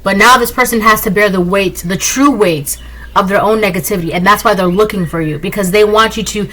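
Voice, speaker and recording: A tarot reader does a casual reading, speaking emphatically, repeating herself, and often tagging lines with a rhetorical "right?". Her mid-range voice is expressive, bright, and forceful, a little fast, on a rough recording.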